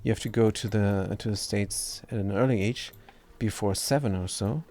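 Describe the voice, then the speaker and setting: A man's voice: fairly low pitch, normal speed, warm tone. A young man with a non-native English accent, chatting casually while playing a game, rambling and stumbling over his words. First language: not English. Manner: rambling, self-deprecating, stumbles and restarts words. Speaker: gaming streamer. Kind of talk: casual gameplay commentary.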